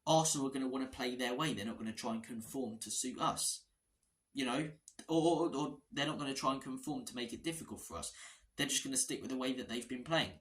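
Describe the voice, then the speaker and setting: A man's voice: medium pitch, fast talker. A man hosting a football fan channel, talking through his team's tactics in a passionate, chatty way. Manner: passionate, chatty, repeats words when excited. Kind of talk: casual fan analysis vlog.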